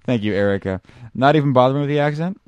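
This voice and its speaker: Fast-talking man reading out examples. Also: mid-range voice, smooth, highs cut off. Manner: brisk, reads out examples from a list. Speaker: podcast co-host. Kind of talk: casual chat about movies.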